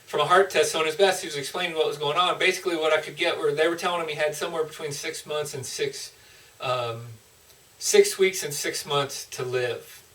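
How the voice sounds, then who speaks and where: A man's voice: a little high, brisk, fairly bright tone, recorded from a distance, rough recording. A man, a motivational speaker, telling an emotional personal story in an earnest, heartfelt way with frequent restarts.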